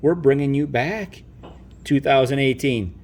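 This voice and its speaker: A man voicing an old evil male emperor toy figure, whiny and theatrical with shrill outbursts. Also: a little slow, a little mellow. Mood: aggrieved.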